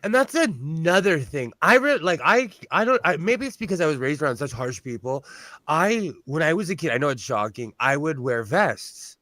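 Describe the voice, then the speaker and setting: Casting note: chatty, blunt man, slightly high voice, dry close recording. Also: big pitch swings, normal speed, sharp tone, no room sound. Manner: talkative, blunt, self-deprecating. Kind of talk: casual chat. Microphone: on-camera mic.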